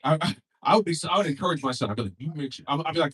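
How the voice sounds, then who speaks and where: Young man, stand-up comedian, husky, lively pitch, profane, jumps into character voices. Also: very fast, distant mic. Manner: loose, profane, acts out characters in shifting voices. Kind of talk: stand-up set.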